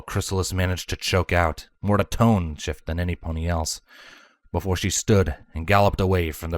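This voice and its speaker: A man reading fan fiction aloud as storybook narration, measured and dramatic. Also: low voice, no echo. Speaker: fanfiction reader.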